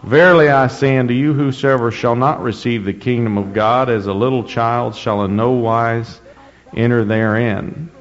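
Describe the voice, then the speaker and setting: Male preacher reading scripture with deliberate, rising emphasis, captured on a dull, muffled recording. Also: medium pitch, steady tone. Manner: slow, deliberate reading with rising emphasis and frequent throat clearing. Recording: dull lo-fi recording in a reverberant hall.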